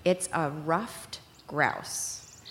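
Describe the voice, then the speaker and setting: A woman's voice: low-pitched, very slow. A woman from Vermont hosting a live stage show, playfully leading the audience. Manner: lively, playful, leads audience. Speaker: host. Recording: hall reverb, faint noise.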